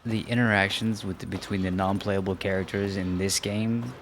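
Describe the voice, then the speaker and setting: A man's voice: deep voice, steady tone, moderate pace, very noisy. A man giving casual, rambling commentary over a game he is streaming, chatting and joking along with it. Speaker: let's play streamer. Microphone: desk microphone.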